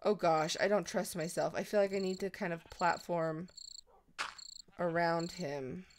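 A woman hosting a let's-play, chatting casually through her game and talking sweetly to her in-game pets, with sudden excited shrieks. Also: lowish voice, unhurried, a little hiss or hum. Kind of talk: casual gameplay commentary.

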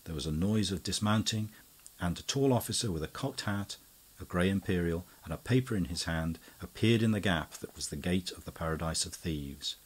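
A man narrating a classic mystery audiobook in a measured, low-key manner. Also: lively intonation, slightly rough. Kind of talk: scripted narration.

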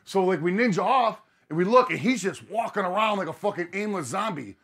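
Podcast host, man, casual profane storyteller, slightly higher voice. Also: lively intonation, fairly quick, a bit bright, slightly rough.

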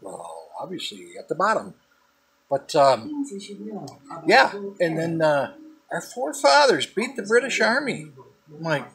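A middle-aged man hosting a comedic vlog, telling corny jokes and puns in a chatty monologue. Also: fairly high pitch. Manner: corny, jokey pun-telling delivery. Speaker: host. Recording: background music under voice.

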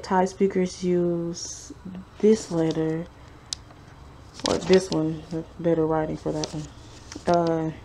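A woman's voice: on the low side, dark tone, a little hiss or hum. A young woman vlogging from home, reading her study notes aloud in a casual, hedging way and often saying she is unsure. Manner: unsure, hedging, chatty with fillers. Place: at home, sister snoring nearby.

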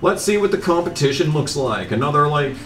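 A man's voice: a little high, sing-song, fairly quick, a bit bright, echoey room, distant mic. A young man commentating on a racing game as he plays, rambling casually and cursing at the game in frustration. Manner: grumbling, profane, laid-back rambling. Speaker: gameplay commentator.

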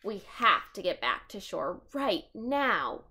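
A woman's voice: medium pitch, sing-song, takes it slowly, bright, forceful tone, slight background noise, heavily acted. A woman voicing a cautious young boy who frets and complains in a storybook reading. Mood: exasperated. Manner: fretful, exasperated.

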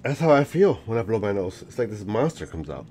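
A man's voice: lowish voice, big pitch swings, a little fast, background noise. A man with a stuffy nose from a cold, joking and chatting with viewers while he streams a game. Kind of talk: casual live-stream gaming commentary.

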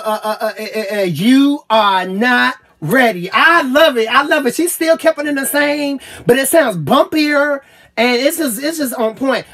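A woman gushing over an album in a casual review vlog, swearing freely and stammering with repeated fillers, at times choking up and trailing off quietly. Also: mid-range voice. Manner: gets choked up and trails off quietly. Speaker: music reviewer.

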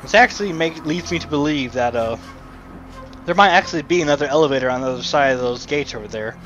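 A man with a fairly high, slightly bright voice talks fast while playing a video game, giving rambling let's play commentary and chatting to himself and the game. Game music plays, and the recording is muffled.

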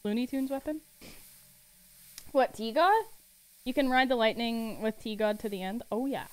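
High-voiced giggly woman streamer. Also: measured pace. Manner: giggly and chatty, answering chat. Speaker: game streamer. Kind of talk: casual live-stream gameplay commentary.

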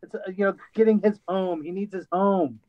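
A man co-hosting a casual podcast, jokey and quick with interjections. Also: high-pitched, no room sound, lo-fi sound. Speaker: podcast co-host. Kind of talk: casual chat.

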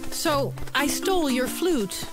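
A woman voicing a small, sheepish male nightingale in a children's storybook, high and pleading. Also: expressive, takes it slowly, over loud music.

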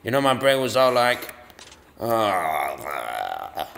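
A man's voice: on the low side, huge pitch swings, very slow, creaky, fairly bright tone, a little hiss or hum. A man rambling and joking at himself while commentating on brain-training games. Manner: rambling, self-mocking, lots of restarts. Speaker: gaming video host. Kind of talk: goofy gameplay commentary. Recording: long reverb, faint music.

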